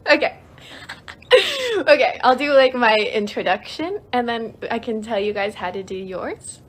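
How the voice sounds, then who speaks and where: With a fairly high, somewhat bright voice that swings widely in pitch, a young woman runs a casual livestream, reading viewer comments and teaching a handful of easy phrases. She speaks a little slowly with long pauses, chatty and giggly, filling gaps with fillers.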